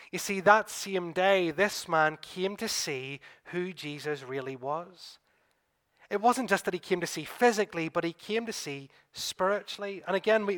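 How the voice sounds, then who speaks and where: With a fairly high-pitched voice, a pastor retells a gospel story vividly during his sermon and speaks to his hearers as "you." He builds to excited climaxes, then lets his voice drop softly.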